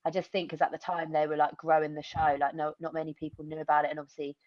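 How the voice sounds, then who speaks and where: A young woman, an MMA fighter from the UK, chatting casually in an interview, rambling and animated, with lots of fillers and quoted asides. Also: deep voice, fast talker, no echo, muffled recording.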